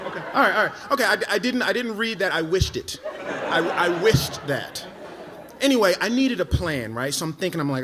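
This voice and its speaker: A man telling a comic personal story live on a theatre stage, animated and self-mocking, tripping over himself with quick repeats. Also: high voice, slight background noise.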